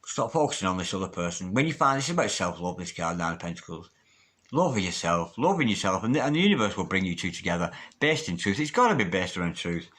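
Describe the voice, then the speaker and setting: A man's voice: low-pitched, sing-song, quick pace, a bit bright. A man giving a tarot card reading in a chatty, emphatic way, swearing casually as he goes. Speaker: tarot reader.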